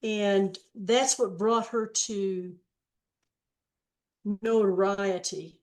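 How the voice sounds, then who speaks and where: Woman in her 70s, slow unhurried talker, reflective storyteller on a podcast. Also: medium pitch, steady tone, darkish tone. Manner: slow, reflective storytelling with long read-aloud quotes. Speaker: guest, author and trail hiker. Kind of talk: podcast interview.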